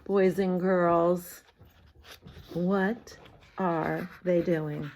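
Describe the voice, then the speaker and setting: A woman teacher reading a picture book aloud to young children, speaking in an animated, talking-to-kids manner. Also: on the low side, takes it slowly.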